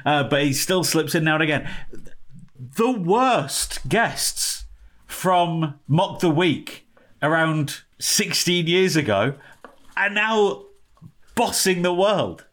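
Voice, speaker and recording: A man's voice: fairly high pitch, lively intonation, slow pace, fairly bright tone. Joking, sweary male podcast co-host. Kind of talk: casual chat. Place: home in Los Angeles.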